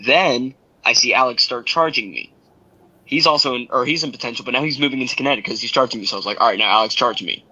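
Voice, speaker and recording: A young man with a bright, forceful voice and an ordinary, middling pitch. He chats casually on a sports podcast and tells lively stories, acting out what each person in them says. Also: fast, slightly rough, lo-fi sound. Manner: animated storyteller, acts out quotes. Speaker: podcast co-host and schoolteacher.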